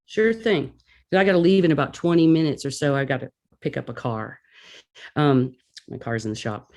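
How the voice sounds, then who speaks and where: Woman guest, casual storyteller, animated, plays out her reactions. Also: sits low, moderate pace.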